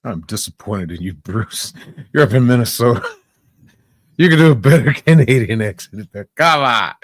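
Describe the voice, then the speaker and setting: A man's voice: mid-range voice, lively intonation, normal speed, dry recording. A man hosting a casual opinion chat, blunt, profane and combative. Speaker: podcast host.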